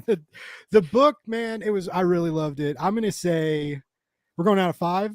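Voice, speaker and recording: A man's voice: sits high, normal speed, no room sound, studio quality. A man in his thirties from the United States, rambling casually with lots of fillers, restarts and laughs as a podcast co-host. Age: 30s. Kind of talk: casual chat.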